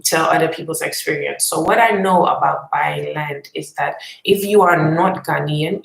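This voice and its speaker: A woman's voice: low-pitched, creaky, reverberant, low-quality recording. A woman hosting a casual live stream, answering viewers' questions in a thoughtful, hesitant way with many fillers. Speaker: vlog host answering live chat questions.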